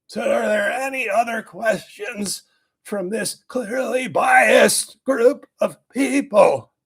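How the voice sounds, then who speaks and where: A man's comedy bit imitates a cranky, boastful older male health official, using a high-pitched, exaggerated voice that is raspy and strained. He takes it slowly, rambling and then erupting into shouts.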